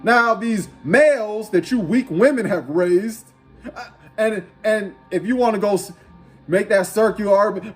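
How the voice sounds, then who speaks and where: A man's voice: sits high, a little slow, faint music behind. A man giving a profane, preachy rant, repeating rhetorical questions over and over. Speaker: commentator. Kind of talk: ranting commentary over an instrumental beat.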